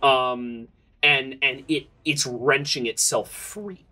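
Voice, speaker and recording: A woman's voice: very deep voice, fairly even intonation, takes it slowly, pushed and bright. A woman narrating as game master of a tabletop role-playing game, rambling with many ums and restarts.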